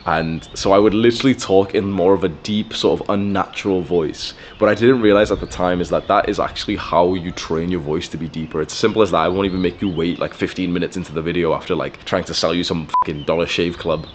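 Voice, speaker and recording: A man's voice: low voice, steady tone, fast talker, few pauses, a little hiss or hum. A young man giving blunt, profane, casual advice in a monologue, with lots of filler words. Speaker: self-improvement creator.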